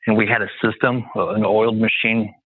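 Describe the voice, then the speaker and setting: A man's voice: on the low side, level tone, brisk, breathy edge, no echo. A man as a guest in a casual interview, talking confidently and emphatically, often making his points as lists. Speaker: guest real estate investor. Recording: dry tinny phone-like line.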